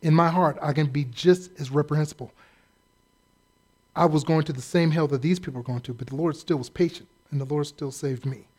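Delivering a sermon, this pastor's fairly high voice keeps things conversational and loose, alternating hushed asides with loud outbursts. Quick impressions of other voices help make his points; the mood is lively and humorous, but it remains a pulpit message.

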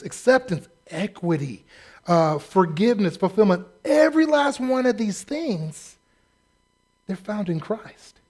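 A man preaching a sermon as pastor, humorous and acting out the voices of the people in his stories. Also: sits high. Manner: humorous, acts out quoted voices.

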